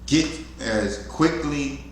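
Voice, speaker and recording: Relaxed male co-trainer, faint background hiss. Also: mid-range voice, drawn-out words. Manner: relaxed, conversational, colloquial. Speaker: security co-trainer. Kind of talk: casual instructional talk. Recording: very echoey room, faint noise.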